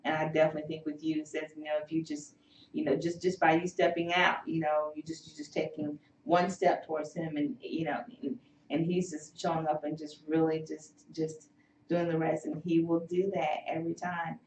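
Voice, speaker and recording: A woman's voice: deep voice, level tone, brisk, a little mellow, slight background noise. A woman hosting a health show, talking in an encouraging, faith-filled way with many fillers. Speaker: host. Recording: roomy, distant, dull sound.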